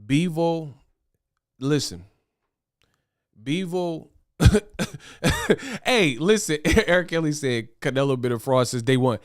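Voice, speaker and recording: A young man hosting a boxing commentary livestream, talking fast in slang, excitable and laughing as he reads viewer chat. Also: on the high side, clean tone, no echo, clean studio sound. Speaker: boxing commentary show host.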